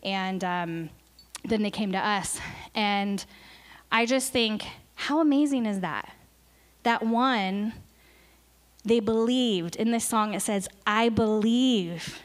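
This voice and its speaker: A woman's voice: mid-range voice, slow, pauses often. Woman missionary talking at church, earnest and emotional, lots of ums. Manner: earnest, emotional storytelling with fillers. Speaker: missionary speaker. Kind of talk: church talk.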